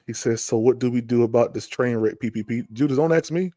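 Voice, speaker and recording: A man hosting a casual sports livestream, talking back to the chat in an exasperated, animated way. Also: mid-range voice, normal speed, long pauses, no echo, clean studio sound. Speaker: podcast host.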